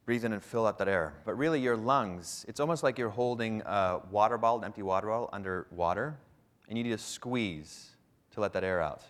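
A man from Canada, teaching public speaking to a live audience in an animated, hands-on workshop. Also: on the low side, fairly quick.

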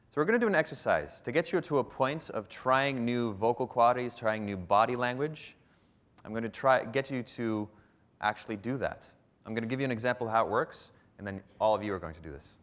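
A man from Canada, teaching public speaking to a live audience in an animated, hands-on workshop. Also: medium pitch.

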